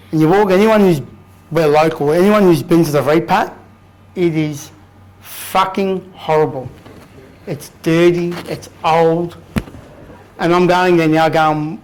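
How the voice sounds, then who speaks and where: A man's voice: a little high, fairly even intonation, unhurried, long pauses, a little mellow, low-quality recording. An Australian man in his thirties, telling his own story to a live audience in a blunt, candid way, swearing casually. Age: 30s. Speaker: guest speaker. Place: room full of people.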